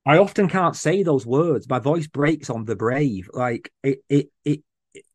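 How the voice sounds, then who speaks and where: A man's voice: mid-range voice, measured pace, a little mellow, dry recording. A man, a guest on a podcast, chatting casually and talking with earnest passion about a favorite book character. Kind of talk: casual chat.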